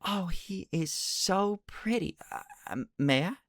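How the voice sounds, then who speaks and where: A man voicing a gentle, sweet young woman who loves nature, talking in a soft, slightly rambling way. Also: high-pitched, expressive, takes it slowly, no room sound, clean studio sound, pitched above the performer's own voice, full character voice. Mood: doting. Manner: soft, gushing and a little rambling.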